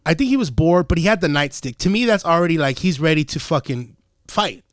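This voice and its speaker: Young male podcast host, swearing storyteller, slightly high voice, dry close sound. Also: fairly quick, no echo. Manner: profane, animated, acts out quotes. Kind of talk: casual storytelling chat.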